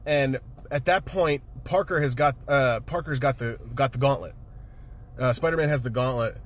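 A man casually retelling a movie with excitement, swearing freely and laughing often. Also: mid-range voice, normal speed, a little hiss or hum. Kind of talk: casual chat, movie recap.

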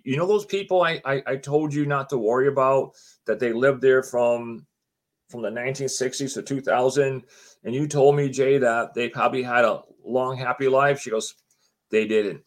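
A middle-aged man at an everyday pitch, telling a personal story in a loose, talky way. He keeps restarting his sentences and acts out each conversation, switching between himself and the people he met. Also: steady tone, moderate pace. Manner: retells conversations line by line, acting out the other people; chatty, often says "she goes" and restarts his sentences. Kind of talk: casual spoken anecdote.

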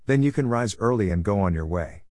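A man's voice: fairly low pitch, animated, a little fast, a little mellow, no echo, studio quality, close to an everyday voice. A man reading the lines of an anxious man who pleads urgently. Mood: pleading. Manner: urgent, imploring.

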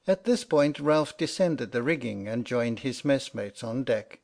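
A man reads a storybook aloud in a steady, wry narrating voice. His pitch sits in an ordinary middle range for a man, and his delivery is even and well paced. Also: measured pace, gravelly, few pauses. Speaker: audiobook narrator. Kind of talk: scripted narration.

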